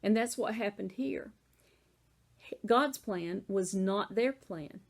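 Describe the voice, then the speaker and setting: A woman's voice: medium pitch, slow, vocal fry. A woman with a Southern American accent teaching a Bible lesson in a casual, conversational way, often saying "you know".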